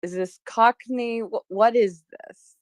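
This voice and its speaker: Woman, slow speech, giggly, curious, audience question, dry close sound. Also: on the high side, fairly even intonation, darkish tone, no echo. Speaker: audience member asking questions. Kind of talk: casual chat in a live audio room.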